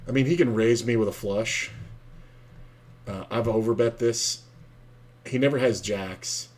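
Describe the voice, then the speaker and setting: A man's voice: mid-range voice, unhurried, a little mellow, a little hiss or hum. A man from South Florida, streaming poker and telling a long, profane, rambling story full of fillers. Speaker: streamer playing online poker. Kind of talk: casual storytelling chat while playing.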